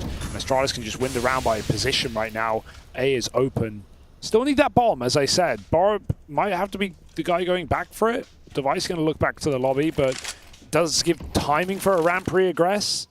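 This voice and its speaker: A man casting an esports match with vivid, energetic play-by-play. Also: mid-range voice, background noise. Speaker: esports caster. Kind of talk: play-by-play commentary.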